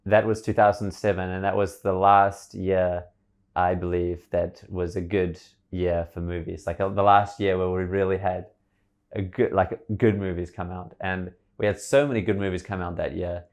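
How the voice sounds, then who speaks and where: A man's voice: low-pitched, little pitch movement, normal speed, darkish tone. A man hosting a podcast in casual conversation, chatty and enthusiastic, prone to rambling. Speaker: podcast host.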